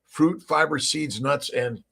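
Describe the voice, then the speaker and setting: A man's voice: fairly high pitch, slow, vocal fry, fairly bright tone. A middle-aged man from Southern California hosting a casual morning livestream, upbeat and rambling, greeting viewers by name. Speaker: livestream host.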